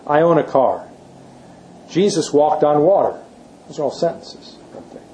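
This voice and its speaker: A man's voice: fairly high pitch, lively intonation, moderate pace, warm tone, a little hiss or hum, rough recording. A man giving a classroom lecture on language and the Bible, explaining patiently, leaning hard on key words and asking rhetorical questions. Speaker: Bible teacher.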